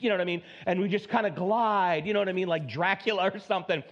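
A man preaching a sermon as pastor, emphatic, swinging from high exclaims down to low, slow stresses, with playful asides. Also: highs cut off. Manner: playful asides, mock self-talk.

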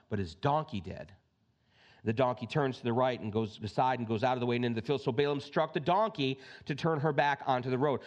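A male pastor preaching a conversational sermon, reading scripture and breaking into lively asides. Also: medium pitch.

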